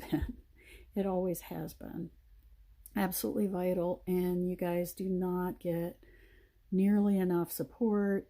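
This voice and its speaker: A woman giving a heartfelt, emotional message of encouragement, sighing and clearing her throat often and repeating phrases for emphasis. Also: fairly low pitch, dark tone. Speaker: video host.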